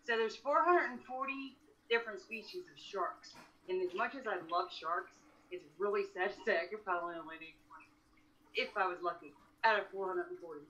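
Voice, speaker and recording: Bright-voiced woman on a dull lo-fi mic. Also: medium pitch, a little fast. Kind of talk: casual podcast banter. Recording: dull lo-fi sound.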